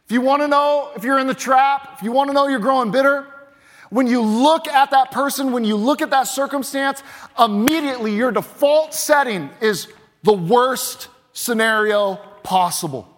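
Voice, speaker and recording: Emphatic pastor preaching in a reverberant hall. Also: male voice, extremely high pitch, normal speed. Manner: emphatic, swings between loud punches and quiet drops. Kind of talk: sermon. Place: church. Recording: long reverb of a large church hall.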